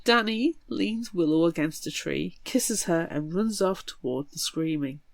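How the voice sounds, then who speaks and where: A woman co-hosting a book podcast, retelling a horror novel in a lively, swearing, dramatic way. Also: on the low side, unhurried, gravelly, no echo. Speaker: podcast co-host. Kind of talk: casual book recap chat.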